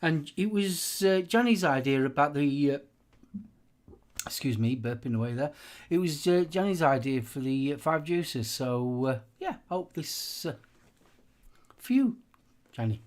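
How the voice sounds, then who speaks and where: A middle-aged man co-hosting a live stream, chatting casually in a rambling, halting way, full of ums and restarts. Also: a little high, animated. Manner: rambling, halting, many fillers. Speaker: livestream co-host. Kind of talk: casual chat, sharing favourites.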